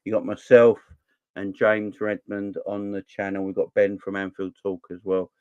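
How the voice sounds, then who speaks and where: A man's voice: on the low side, level tone, moderate pace, darkish tone, clean tone, no echo, muffled recording. A man in his forties from southern England, hosting a casual live stream and chatting back to viewer comments. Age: 40s. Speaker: fan channel host.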